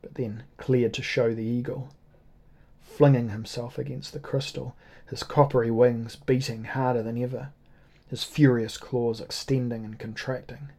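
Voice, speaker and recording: A man narrates a novel in a steady, measured reading. His voice is mellow and dark, and it stays on a narrow, level line of pitch. The delivery is sombre and unhurried. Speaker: audiobook narrator. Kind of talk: scripted first-person narration.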